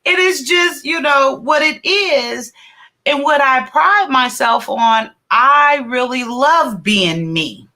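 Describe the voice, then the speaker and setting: A woman hosting a casual talk show, loud and expressive, laughing often as she chats. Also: high voice, slow. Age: adult. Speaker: podcast host. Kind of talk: casual chat.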